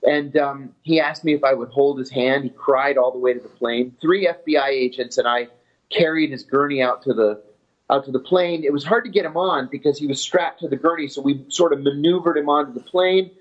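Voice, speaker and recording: A man telling his story in an interview in a steady, matter-of-fact way. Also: medium pitch, brisk. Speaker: former intelligence officer telling his story. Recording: dull lo-fi audio.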